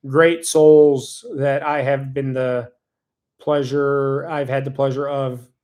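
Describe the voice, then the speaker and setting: With a mid-range voice, a man hosting a casual livestream goes through comments and thanks each viewer personally. He speaks warmly but meanderingly, sometimes losing track and starting over.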